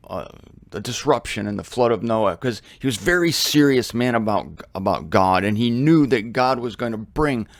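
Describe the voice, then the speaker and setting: An American man giving a casual, animated Bible study with humorous asides. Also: lowish voice, vocal fry, dry recording, studio quality. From United States. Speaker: Bible teacher. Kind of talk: conversational Bible study teaching. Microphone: studio mic with headphones.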